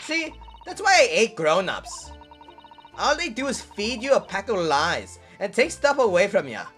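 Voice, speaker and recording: A man voicing a feisty young girl pickpocket in a detective game, shrill and indignant. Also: wildly swooping pitch, a little slow, a bit bright, soft background music, heavily acted. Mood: sulky.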